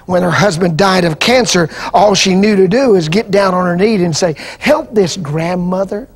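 High-voiced, impassioned male preacher. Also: normal speed, breathy edge. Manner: impassioned, rising into shouts and call-and-response. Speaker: pastor. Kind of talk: sermon. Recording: archival 2000 TV broadcast.

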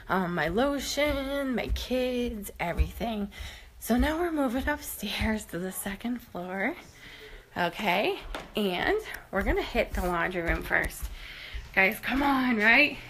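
A woman's voice: on the high side, bright, forceful tone, slight background noise. A woman in her thirties giving a house tour while walking room to room, chatty and upbeat, a little out of breath, checking in with "okay?" and "guys" often. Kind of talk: casual product tour talking to camera.

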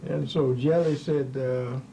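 A man's voice: mid-range voice, steady tone, slow, vocal fry, warm tone, a little hiss or hum, poor audio. An older man, a former ballplayer, telling stories from his career in a folksy, rambling way, chuckling as he goes. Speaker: former baseball player. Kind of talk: storytelling in an interview.

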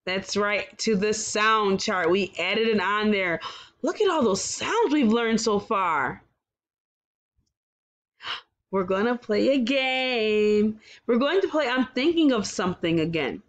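A woman teaching a kindergarten phonics lesson, slowly sounding out words and praising the children with exaggerated, sing-song encouragement. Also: mid-range voice, lively intonation. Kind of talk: slow, clearly enunciated phonics lesson for young children.

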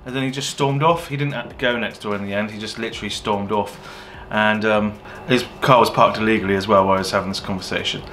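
A man's voice: fairly low pitch, fast, few pauses, faint music behind. A man with an English West Country accent, a takeaway owner casually telling a story and swearing freely. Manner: swears freely, animated when retelling.

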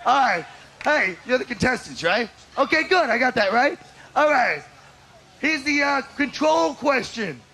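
A man hosting a game show outdoors, shouting wisecracks and teasing the contestants. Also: very high-pitched, big pitch swings, a little slow, gravelly, husky. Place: outdoors at a spring break beach event. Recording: loud crowd and music at outdoor taping. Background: loud cheering crowd and music.

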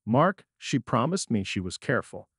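A man's voice: mid-range voice, big pitch swings, moderate pace, fairly bright tone, slightly rough, no echo, studio quality. A man voicing a shaken, guilty best friend who stammers and begs. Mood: begging. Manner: stammering and begging.

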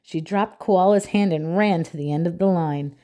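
A woman reading a children's picture book aloud with clear, expressive storytelling. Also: fairly low pitch, normal speed.

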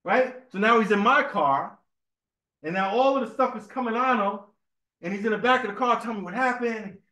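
High-voiced man preaching in an echoey room. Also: brisk, sharp tone. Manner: conversational, repeats words, asks listeners "right?". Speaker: speaker at a religious temple meeting. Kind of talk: informal sermon with personal stories. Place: temple meeting room.

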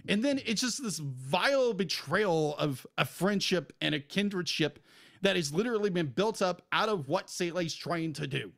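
A man's voice: high voice, animated, moderate pace, vocal fry, fairly bright tone. A man co-hosting a podcast, ranting emphatically and with exasperation about an anime character. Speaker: podcast co-host. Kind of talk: casual podcast review.

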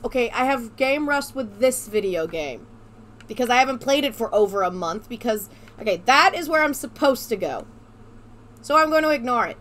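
A woman streaming a video game, chatting excitedly with her co-host and breaking into squeals. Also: on the high side, moderate pace. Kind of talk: casual game stream chat.

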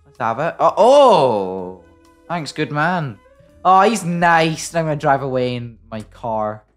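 A British gaming video creator plays through a game and comments as he goes, bantering and joking at a slow pace. His voice swings hugely between low mutters and sudden loud, high yelps, and he's excitable throughout. Soft game music plays faintly underneath.

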